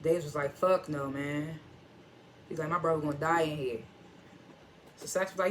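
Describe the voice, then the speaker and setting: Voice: mid-range voice, steady tone, normal speed, fairly bright tone, slight background noise. A TV reviewer in AAVE, casually recapping an episode, retelling scenes line by line and chuckling at the twists. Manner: storytelling, quotes characters with "he was like"; chuckles and reacts while retelling.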